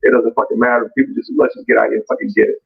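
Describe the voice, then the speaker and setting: A man's voice: medium pitch, big pitch swings, racing, gravelly. A man arguing his turn in an online debate, blunt and heavily profane, with many restarts and fillers. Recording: distant, muffled call audio.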